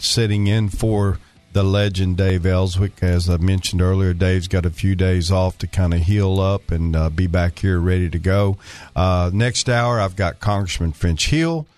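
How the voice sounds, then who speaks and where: Guest-hosting a talk radio show in a studio, an older Arkansas man rambles in a folksy way, full of fillers, and sounds slightly out of breath. His voice is low and a little mellow.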